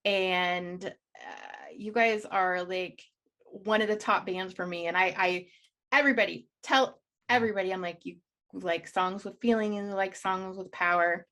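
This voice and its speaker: Female radio host, warm gush, tripping over her words in eager chat. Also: medium pitch, steady tone, unhurried. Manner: gushing, enthusiastic, many restarts. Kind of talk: casual interview chat.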